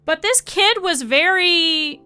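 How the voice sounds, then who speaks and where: A young woman with a high, bright voice tells a story to her stream in a loose, chatty way. She is animated and laughs often as she talks, and faint music plays under her voice. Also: slow pace. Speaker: VTuber streamer. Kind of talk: casual storytelling to stream chat.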